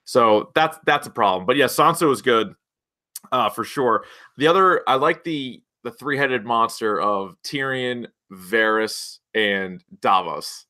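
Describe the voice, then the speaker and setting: A young adult man chatting casually as a podcast co-host, acting out characters' lines in quick voices. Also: medium pitch, bright, forceful tone. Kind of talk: casual chat.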